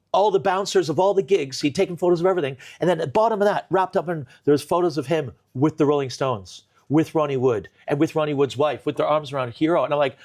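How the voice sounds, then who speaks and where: A man telling a long comic story in a kitchen chat, animated, full of restarts and bursts of laughter. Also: on the high side. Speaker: comedian guest.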